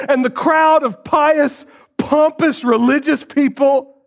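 High-voiced dramatic male preacher. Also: steady tone, slow. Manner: dramatic storytelling, swings from hushed to shouting; rhetorical questions to the congregation. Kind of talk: sermon.

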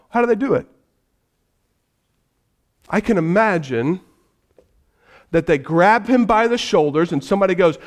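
A male pastor preaching a sermon in an animated way, shifting from hushed, gentle passages to loud, vivid storytelling. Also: high voice, unhurried, long pauses.

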